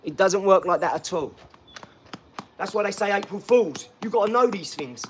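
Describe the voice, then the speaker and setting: A middle-aged man hosting a live stream, talking in loud, hyped, streetwise banter. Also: sits high, animated, moderate pace, slight background noise. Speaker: livestream host. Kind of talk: casual live-stream chat.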